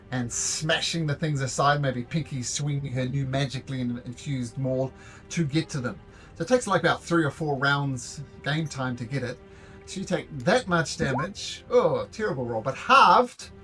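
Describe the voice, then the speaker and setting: A man running a tabletop game as game master, narrating in a halting way with many fillers and repeated words. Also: mid-range voice, fairly bright tone.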